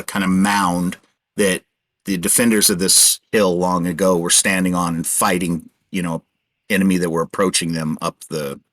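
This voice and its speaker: Man, game master, very deep voice, dry close sound, patient rule explanations. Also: fairly bright tone, dry recording. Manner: explains rules patiently with many restarts. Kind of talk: running a tabletop game session.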